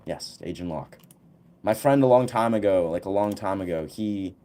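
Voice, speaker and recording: Rambling relaxed young man, low voice. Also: brisk. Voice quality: relaxed, rambling, full of fillers. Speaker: livestream host. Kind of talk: casual chat answering viewers.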